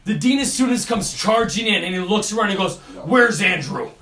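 A man's voice: high-pitched, expressive, fairly quick, sharp tone, reverberant, recorded from a distance. A young man co-hosting a podcast, telling stories casually with lots of cursing and laughter. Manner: profane, laughing storyteller. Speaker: podcast co-host. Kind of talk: casual storytelling chat.

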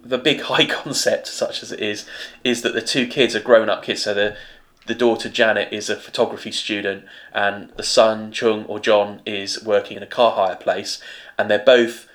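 Thoughtful man, low voice. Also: level tone, moderate pace, a bit bright. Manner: thoughtful, analytical, weighs his points. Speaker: podcast co-host. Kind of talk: casual chat about TV.

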